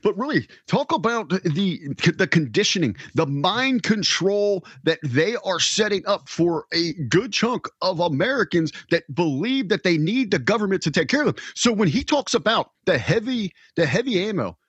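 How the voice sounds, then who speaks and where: Indignant, husky-voiced man lecturing. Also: sits high, sing-song, normal speed, hardly any pauses, fairly bright tone, no room sound, muffled recording. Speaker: podcast co-host. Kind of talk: heated political talk.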